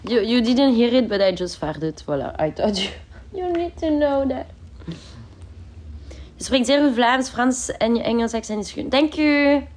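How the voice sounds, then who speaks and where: A woman's voice: fairly high pitch, expressive, moderate pace, darkish tone. A young woman, sick, chatting casually on a livestream from her bedroom, reading out viewer comments and laughing often.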